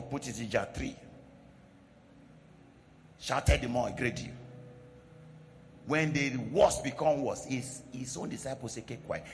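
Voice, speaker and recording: A man's voice: medium pitch, a little hiss or hum. A man preaching a sermon as pastor, building in intensity with pidgin asides. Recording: long hall reverb.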